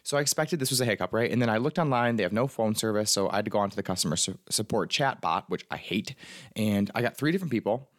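A man's voice: lowish voice, dry recording, studio quality. A man, a life coach, telling a personal story in a casual, chatty way, full of fillers and retold inner thoughts. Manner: fast, chatty, filler-heavy, animated retelling.

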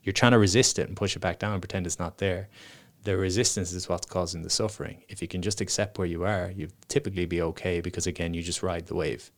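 A man's voice: low-pitched, steady tone, fast, hardly any pauses. A young man, a motivational speaker, chatting casually and telling stories in which he acts out the people he quotes. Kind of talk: casual podcast chat.

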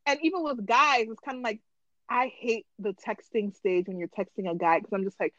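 A woman's voice: a little high, moderate pace, dry recording, muffled recording. Slangy woman chatting on a podcast. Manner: slangy, animated, talks through long points. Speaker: podcast co-host. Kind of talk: casual chat.

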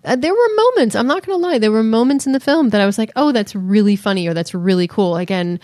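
A woman co-hosting a casual podcast, playful and quick to laugh as she reviews a film. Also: on the high side, expressive, warm tone, dry recording, clean studio sound. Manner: playful, laughs often, breaks into sung bits. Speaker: podcast co-host. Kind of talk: casual chat.

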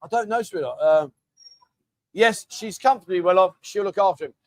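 A middle-aged man speaks at normal speed in a high voice, with no echo, while hosting a relaxed livestream. He chats, reads viewer comments aloud, and keeps it matey by often calling people mate.

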